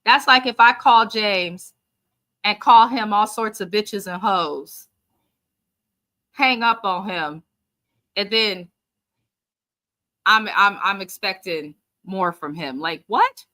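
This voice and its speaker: Bright-voiced woman, sassy live recap. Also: mid-range voice, slow pace, long pauses. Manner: animated, sassy, reads out viewer comments. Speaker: podcast host recapping a reality show. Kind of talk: casual live-stream recap chat.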